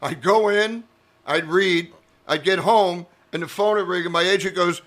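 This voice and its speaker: A man with a bright, forceful voice that sits a little high tells stories in a loose, animated way. He swears freely and jumps between tangents, like a comedian chatting on a podcast. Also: moderate pace, a little hiss or hum. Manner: profane, rambling, animated storyteller. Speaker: actor and comedian guest. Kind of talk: casual podcast storytelling.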